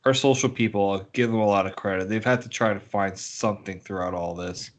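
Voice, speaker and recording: Casting: man, fairly low voice, rambling sports-podcast co-host. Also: brisk. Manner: rambling, heavy use of "like". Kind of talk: casual chat.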